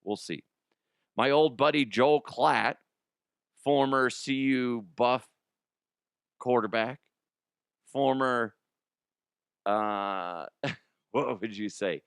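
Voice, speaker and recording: A man's voice: medium pitch, very slow, gravelly, long pauses, clear, resonant tone, dry recording, clean studio sound. A man hosting a comedic sports talk show, rambling and profane, slipping into mock impressions.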